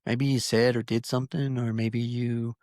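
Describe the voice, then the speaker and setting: A man's voice: medium pitch, level tone, normal speed, darkish tone, no room sound. Guy on a podcast rambling earnestly, lots of "you know", dry close mic. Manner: rambling, earnest, many fillers and restarts. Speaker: podcast co-host. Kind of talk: casual podcast chat.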